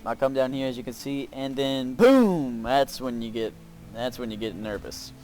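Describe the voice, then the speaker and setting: Brief: male gameplay commentator, loose and rambling, everyday mid-pitch voice, faint music underneath. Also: fairly even intonation, normal speed, darkish tone. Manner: rambling, filler-heavy, self-narrating. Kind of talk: casual game commentary. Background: faint background music.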